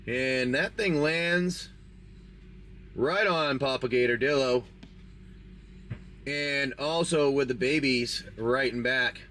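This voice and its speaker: Man, game master, live-stream host, chatty, rambling, bright forceful tone, faint background noise. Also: a little high.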